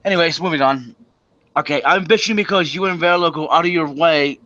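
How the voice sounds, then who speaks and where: A man's voice: fairly high pitch, fairly quick, sharp tone, dry recording. A man hosting a stream, ranting casually and indignantly, stammering and swearing often. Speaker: stream host. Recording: dull lo-fi sound.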